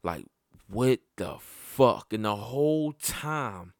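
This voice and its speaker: A man telling a personal story about his child in a blunt, profane, casual way. His voice climbs high and loud when he gets worked up. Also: animated, takes it slowly, no room sound, clean studio sound.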